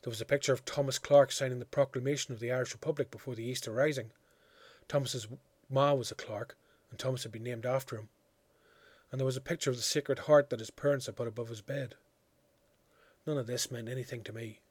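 A man narrating a literary story in a measured, quiet, reflective way. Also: mid-range voice, steady tone, slightly rough, no echo. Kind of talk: audiobook reading of a literary story.

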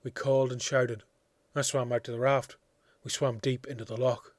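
A man narrating a literary story in a measured, quiet, reflective way. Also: medium pitch, flat delivery, no room sound. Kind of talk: audiobook reading of a literary story.

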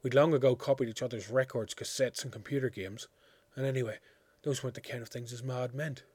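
Measured man reading a story. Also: mid-range voice, fairly even intonation, breathy edge, no echo. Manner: measured, quiet, reflective. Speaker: narrator. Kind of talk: audiobook reading of a literary story.

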